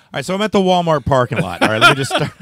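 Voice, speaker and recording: A man's voice: a little high, wildly swooping pitch, racing, pushed and bright. A man telling a story in casual chat, rambling with restarts and laughing as he goes.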